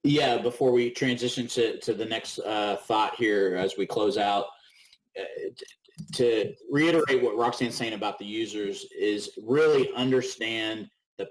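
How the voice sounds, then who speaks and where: A middle-aged man co-hosting a webinar over a video call, talking in an animated way, acting out little voices and often asking "right?". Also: fairly low pitch, rough recording. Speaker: webinar co-host. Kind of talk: casual webinar talk.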